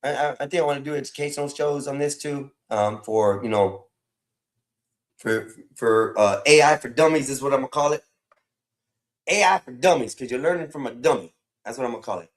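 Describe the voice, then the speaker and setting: A man's voice: medium pitch, brisk. A man hosting a casual livestream, rambling and repeating phrases as he talks to his chat. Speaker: livestream host.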